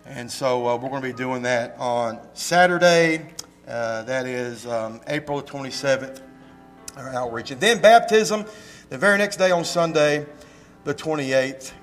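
Man, pastor, folksy animated delivery, slight cough, faint background music. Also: mid-range voice, moderate pace. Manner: folksy, animated storytelling with emphatic rises. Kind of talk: church announcements and sermon talk. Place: church sanctuary.

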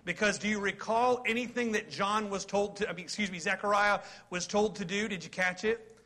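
Animated, bright-voiced preacher man in his forties. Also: sits high, a little fast, creaky. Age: 40s. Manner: animated, folksy, reads scripture aloud and jokes with the congregation. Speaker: pastor. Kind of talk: sermon.

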